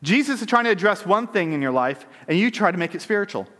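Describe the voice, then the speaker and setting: High-voiced male preacher in a reverberant hall. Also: lively intonation, fast, bright, forceful tone. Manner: conversational preaching with rhetorical questions; reads scripture aloud then riffs on it. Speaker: pastor. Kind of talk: sermon.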